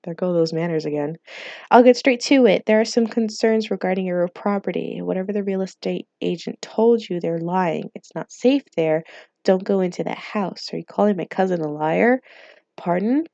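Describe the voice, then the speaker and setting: Woman, gaming vlogger, gravelly edge, reads chats aloud, dry dull lo-fi sound. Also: fairly low pitch, moderate pace, dark tone, no echo. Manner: reads chat messages in light voices, laughs often. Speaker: gaming YouTuber. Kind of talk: reading game text aloud, casual commentary.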